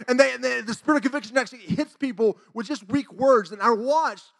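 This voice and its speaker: A man in his forties tells a church testimony in a casual, animated way and acts out the dialogue. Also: extremely high pitch, quick pace, vocal fry. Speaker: church speaker. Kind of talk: testimony storytelling.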